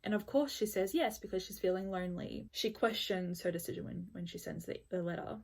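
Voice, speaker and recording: A woman's voice: on the low side, brisk, a little mellow. A woman reviewing books in a casual vlog, blunt and exasperated, with lots of "like" and the odd swear. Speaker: book reviewer.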